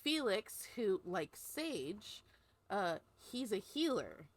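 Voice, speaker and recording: A woman with a mid-range voice and large pitch swings speaks slowly as co-host of a book podcast. She retells a novel's plot in a rambling, casual way, full of fillers, like a relaxed book-club chat.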